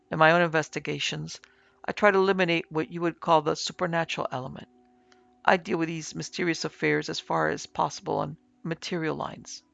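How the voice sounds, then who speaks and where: A man voicing a calm male ghost investigator in a measured, precise way in an audiobook reading. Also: fairly high pitch, vocal fry.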